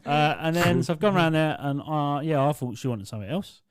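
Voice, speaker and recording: A man's voice: fairly high pitch, expressive, a little fast, dry recording. A young man, podcast co-host, telling an exasperated, swearing work story with laughs, on a close mic in a studio. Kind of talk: casual storytelling.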